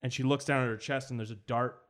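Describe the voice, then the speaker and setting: A man co-hosting a comedy podcast, narrating an improvised movie scene with halting restarts. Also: mid-range voice, fairly even intonation, a bit bright. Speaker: podcast co-host.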